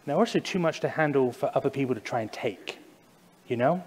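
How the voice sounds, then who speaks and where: A man preaching a sermon in a church, speaking conversationally, at times acting out loud cries and then dropping to a hushed, slow emphasis. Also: mid-range voice, lively intonation, husky. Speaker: pastor. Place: church sanctuary. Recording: long church reverb.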